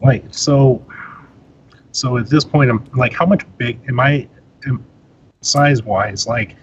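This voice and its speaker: A man's voice: medium pitch, slow. A man playing in a tabletop game, asking hesitant questions. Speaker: player. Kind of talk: casual tabletop game chat. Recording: dull lo-fi audio with faint noise.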